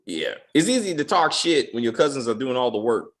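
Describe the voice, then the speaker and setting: A show host with a mid-range voice talks fairly quickly through a casual TV episode review. He's animated and laughing, acting out the characters' lines in different voices.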